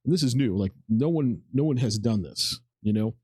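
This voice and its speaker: A podcast co-host in his forties chats casually, rambling through a personal story, acting out what people said and swearing offhandedly. His mid-range voice has lively intonation at a normal speed, slightly mellow with a breathy edge, in a dry recording.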